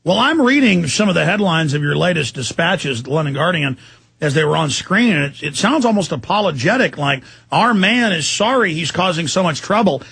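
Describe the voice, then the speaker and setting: A man hosting a talk radio show, forceful and emphatic, cutting in on his guest. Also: a little high, animated, moderate pace, vocal fry, husky, no room sound.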